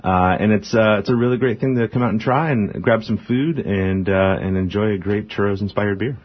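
A man who owns a brewery, guest in a radio interview, talking earnestly with many "uh"s. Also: lowish voice. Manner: fast, filler-heavy, earnest. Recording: dull lo-fi radio sound.

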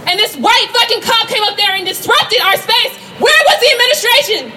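A young student rally speaker fires rhetorical questions at the crowd in an impassioned protest speech at an outdoor campus rally. Her voice is extremely high, expressive, and fairly quick. Through the rally sound system she sounds distant over crowd noise.

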